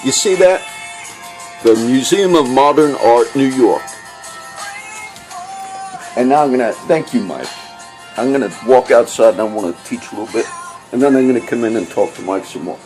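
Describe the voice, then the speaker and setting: A man's voice: medium pitch, lively intonation, moderate pace, pauses often, a little mellow, soft background music, poor audio. A man vlogging in a rambling, chatty way, often losing his train of thought. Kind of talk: rambling casual monologue. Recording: outdoor wind and traffic noise.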